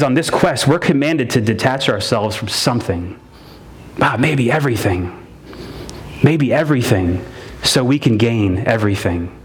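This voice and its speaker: A man's voice: mid-range voice, slight background noise. A man preaching a sermon as pastor, repeating each phrase for emphasis and calling his listeners guys and man.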